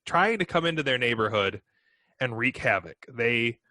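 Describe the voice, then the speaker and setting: Bright-voiced male podcast co-host. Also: medium pitch, expressive, normal speed, no room sound. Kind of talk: casual chat.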